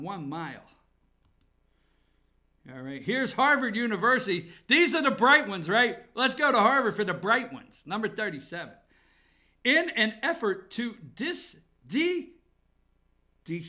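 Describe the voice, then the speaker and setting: A man's voice: very high voice, sharp tone. A man hosting a comic headline countdown from an office, sarcastic, rambling and profane. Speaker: comedy news host.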